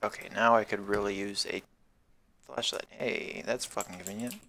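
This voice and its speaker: A man's voice: fairly low pitch, steady tone, normal speed, gravelly, sharp tone, a little hiss or hum. Profane, rambling young-sounding man gaming. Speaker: gameplay commentator. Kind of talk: casual let's-play commentary.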